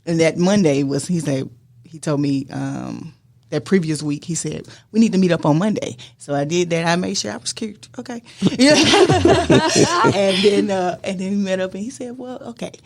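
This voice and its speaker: A woman's voice: fairly low pitch, moderate pace, creaky, darkish tone. A woman, a catering co-owner, chatting on a podcast and adding her side of her husband's story.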